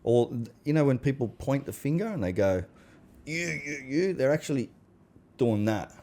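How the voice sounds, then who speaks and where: Speaking at a normal pace, a man in his 40s with a dark, medium-pitched, expressive voice chats casually as a podcast guest. He's blunt, swears, and acts out the back-and-forth of the conversations he describes.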